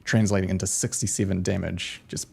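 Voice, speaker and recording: A man with a very low, gravelly voice narrates a tabletop fantasy game as game master. He describes the scene in loose, meandering phrases, pausing on fillers as he builds the picture. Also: level tone, mellow. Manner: descriptive narration with frequent ums and likes.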